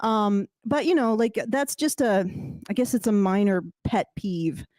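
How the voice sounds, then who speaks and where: A woman's voice: medium pitch, unhurried, no room sound. A woman casually breaking down a TV drama, talking with lots of restarts and acting out characters' lines. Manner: animated, many restarts, acts out characters' lines. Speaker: commentator. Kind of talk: casual TV show analysis chat.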